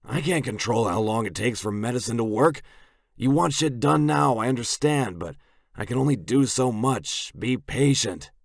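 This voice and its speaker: Male narrator as tired, firm audiobook doctor, slightly raised pitch. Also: expressive, normal speed, gravelly, no room sound, studio quality. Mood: firm, pleading.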